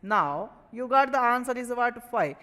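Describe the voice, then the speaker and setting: A man's voice: very high voice, expressive, normal speed, pushed and bright, big-room sound, low-quality recording. A man with an Indian English accent teaching a maths lesson, repeatedly asking questions and answering them himself. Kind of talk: online classroom lesson.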